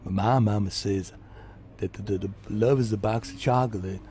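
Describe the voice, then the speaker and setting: A man voicing a simple-hearted, earnest southern man who talks slowly and haltingly. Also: fairly low pitch, steady tone, dark tone, a little hiss or hum, pitched below the performer's own voice, lightly acted.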